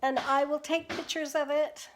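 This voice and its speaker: High-voiced older woman chatting on a live stream. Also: little pitch movement, moderate pace. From Pacific Northwest US. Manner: chatty, greets viewers, laughs often. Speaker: painter hosting a live stream. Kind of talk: casual live-stream chat.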